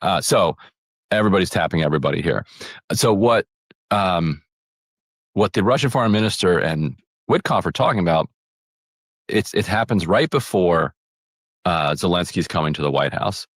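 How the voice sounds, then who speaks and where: A man with an extremely deep voice discusses politics in a loose, rambling podcast style. He restarts sentences often and paraphrases what others said. The sound is dry and close to the mic. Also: lively intonation, normal speed, long pauses, no echo. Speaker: podcast co-host.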